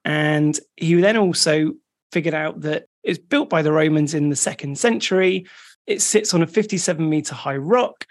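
A podcast co-host chatting casually and recapping listener updates in a relaxed way. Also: medium pitch, normal speed. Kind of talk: casual chat.

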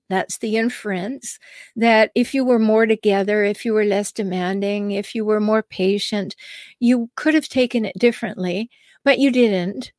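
A woman's voice: mid-range voice, steady tone, moderate pace, a little mellow, no room sound, clean studio sound. A woman relationship coach hosting her own show, talking straight to the listener and often asking rhetorical questions. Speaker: relationship coach and podcast host. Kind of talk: solo advice monologue.

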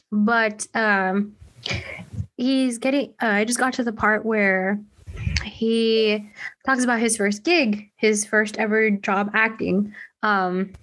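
A woman in casual chat, telling a story in a rambling way with lots of "like" and restarts. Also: mid-range voice. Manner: rambling, heavy use of "like" and restarts.

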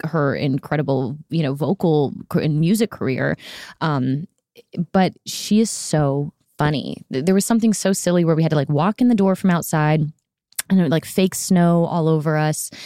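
A woman's voice: sits low, dark tone, no room sound, clean studio sound. A woman in her thirties hosting a podcast in casual, bubbly chat, laughing easily. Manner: bubbly, chatty, quick to laugh. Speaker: podcast host.

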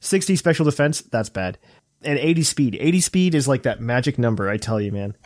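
A man hosting a casual gaming podcast, relaxed and chuckling often. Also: mid-range voice, brisk, dry recording, studio quality. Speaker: podcast host.

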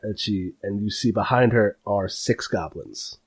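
A man's voice: fairly low pitch, measured pace, breathy edge. A man narrating a tabletop game as game master, rambling with lots of fillers. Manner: rambling, filler-heavy, animated.

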